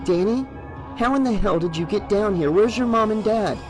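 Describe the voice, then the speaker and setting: Jumpy young woman, cusses a lot, sharp and high-pitched, a man doing it. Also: big pitch swings, fast, over music. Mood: worried. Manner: sharp exclamations and swearing. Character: frightened, foul-mouthed young woman.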